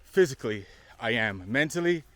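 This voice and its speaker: A man's voice: medium pitch, expressive, moderate pace, a bit bright. Man hiking vlogger, out of breath, casual and jokey with his viewers, recorded outdoors on a handheld camera. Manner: chatty and joking, addresses viewers as y'all. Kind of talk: casual vlog talk to camera. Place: outdoors on a mountain trail.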